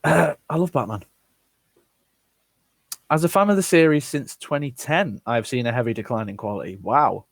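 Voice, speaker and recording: A gravelly, mid-range voice at normal speed, broken by long pauses, belongs to a live-stream host reading viewer comments aloud and answering them bluntly with plenty of profanity. The chat is casual and the recording dry.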